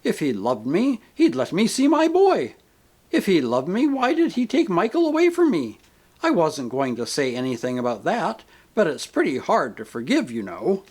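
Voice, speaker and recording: A man voicing a grieving woman ghost, a possessive mother who talks in a sharp, demanding, indignant way, for a storybook reading. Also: fairly high pitch, huge pitch swings, normal speed, slightly rough, exaggerated voice. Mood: indignant, aggrieved. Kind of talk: audiobook character reading.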